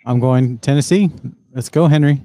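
A man's voice: mid-range voice, normal speed, warm tone, no room sound. A man on a podcast giving brief game picks in casual chat, with many fillers.

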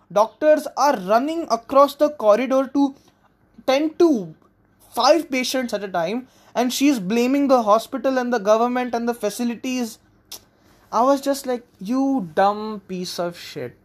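A young adult from India, hosting a casual solo podcast in a rambling, frank, sometimes profane manner. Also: medium pitch. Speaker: podcast host.

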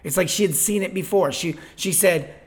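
A man hosting a sales podcast, telling a story in a casual, animated way with lots of restarts. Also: sits high, moderate pace, breathy edge. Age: adult, father of eight. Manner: animated, chatty, repeats himself. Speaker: podcast host and sales coach.

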